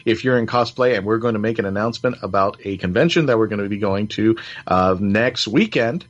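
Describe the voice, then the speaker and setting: A man's voice: fairly low pitch, fairly quick. Guy hosting a review chat, lots of uhs and restarts, kinda dull lo-fi sound. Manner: rambling, many restarts and fillers. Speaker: podcast host. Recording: slightly dull lo-fi audio.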